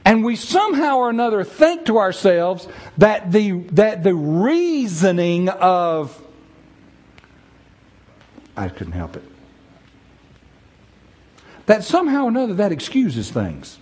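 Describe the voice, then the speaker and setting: Lively high-voiced male preacher. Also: normal speed, hardly any pauses. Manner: animated, acts out quoted voices. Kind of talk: sermon.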